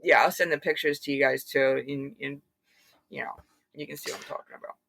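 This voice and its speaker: A woman's voice: very deep voice, fairly quick, vocal fry. A woman from Philadelphia, a guest on an interview, talks casually and animatedly, full of fillers and restarts and acting out what others said. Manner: animated, acts out quoted voices. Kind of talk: casual storytelling.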